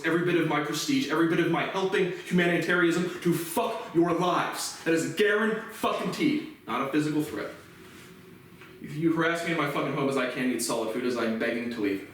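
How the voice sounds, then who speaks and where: A man delivering an angry, profane vlog rant that bursts into shouting. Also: on the high side, quick pace, recorded from a distance. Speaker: vlogger. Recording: very echoey room, voice off-mic.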